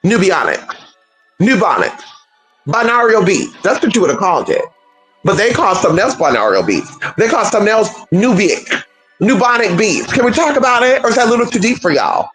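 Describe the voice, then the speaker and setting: A livestream host rants straight to viewers, firing off rhetorical questions and cursing freely. The voice rides a wide, lively pitch range. Soft music hums underneath. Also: brisk, low-quality recording. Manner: animated, rhetorical, with profanity. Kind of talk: livestream rant.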